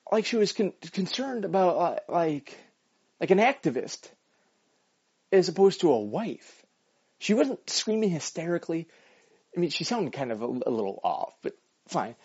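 A man's voice: high voice, darkish tone, husky. A man delivering a blunt, profane, argumentative monologue while walking his dog. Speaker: vlogger. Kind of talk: casual ranting monologue. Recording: dull lo-fi recording.

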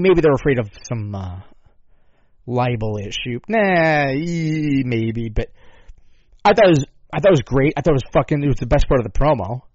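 Sarcastic rambling man, lively swings. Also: mid-range voice, dry recording. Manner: sarcastic, rambling, swears often. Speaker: podcast host. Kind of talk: casual profane commentary. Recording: dull lo-fi dry sound.

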